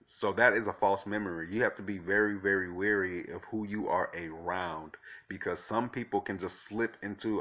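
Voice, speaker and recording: Low-voiced man rambling earnestly. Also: fairly bright tone. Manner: rambling, earnest, repeats himself with fillers. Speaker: vlogger. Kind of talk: casual monologue to camera.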